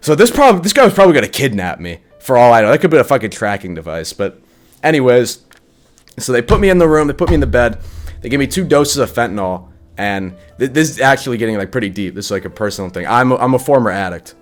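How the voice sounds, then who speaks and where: A young man recounting a personal story to the camera in loose, everyday speech. He swears freely and peppers every sentence with likes. His voice sits at an ordinary pitch, with faint music under it. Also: very animated, fast. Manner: casual, profane, full of likes. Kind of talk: storytime vlog.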